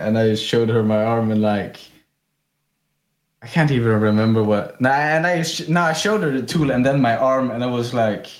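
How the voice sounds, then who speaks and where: A young man from Sweden co-hosting a casual podcast, telling rambling stories with lots of laughter. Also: medium pitch. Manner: rambling, animated, laughs often. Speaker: podcast co-host. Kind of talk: casual chat, storytelling. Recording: echoey room.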